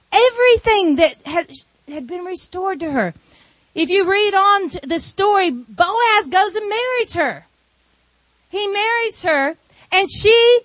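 A woman preacher delivering a sermon through an animated, conversational retelling of a story. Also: very high voice, dry recording.

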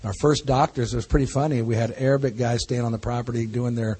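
With a mid-range, dark voice that barely moves in pitch, a pastor speaks fast to his congregation, breathiness at the edges. His storytelling is folksy and jokey, with laughter mixed in.

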